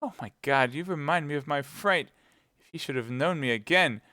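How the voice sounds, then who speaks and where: A man's voice: moderate pace, sharp tone, no echo, clean studio sound. A man voicing a pleading young maid. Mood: fearful. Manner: pleading, breathless, high-pitched. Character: frightened young female chambermaid. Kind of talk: audiobook reading live.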